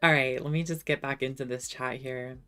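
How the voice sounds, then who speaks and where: A young adult woman streamer chatting casually with viewers, self-deprecating and halting when she tries French. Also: very deep voice, steady tone, a bit bright, clear, resonant tone, faint music behind. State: slightly under the weather.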